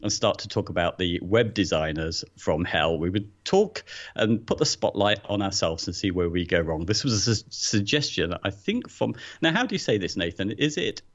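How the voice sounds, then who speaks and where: A man's voice: sits low, animated, normal speed, highs cut off. A man co-hosting a podcast in casual chat, often repeating words as he starts a thought. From England. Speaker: podcast co-host.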